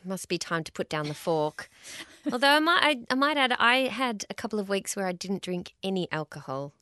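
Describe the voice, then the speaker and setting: A woman's voice: medium pitch, very animated, normal speed, sharp tone, smooth, no room sound, studio quality. A woman hosting a podcast, chatting casually and teasing her co-host. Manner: playful, teasing. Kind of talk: casual chat.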